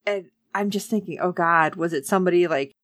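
A woman's voice: fairly low pitch, a little fast, a bit bright, no room sound, studio quality. A woman chatting casually as a podcast co-host, recapping a TV episode with sarcasm and acting out the characters' lines.

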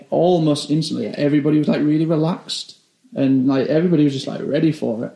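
A man's voice: fairly high pitch, fast talker, creaky, dark tone, echoey room. Young British man, rambling with constant "like"s. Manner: rambling, says 'like' constantly. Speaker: chef. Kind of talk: casual interview storytelling.

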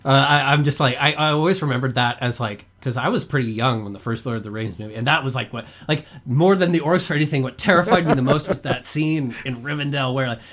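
A young adult man, a podcast guest, talking in a rambling, animated way full of filler words. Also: medium pitch, fast talker, few pauses. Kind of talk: casual discussion.

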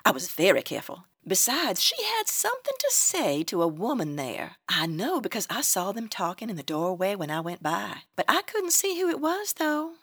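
A woman's voice: medium pitch, big pitch swings, moderate pace, hardly any pauses, breathy edge, dry recording, clean studio sound, full character voice. A woman playing a nosy, genteel hotel desk clerk with a Southern accent in a comedic radio play. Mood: gossipy. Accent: American Southern. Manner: prim and nosy, drops to hushed gossip.

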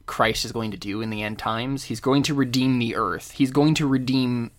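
Young male podcast co-host, middle pitch, thoughtful and relaxed explainer. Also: moderate pace. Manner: thoughtful, explains scripture calmly, laughs easily. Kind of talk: casual chat.

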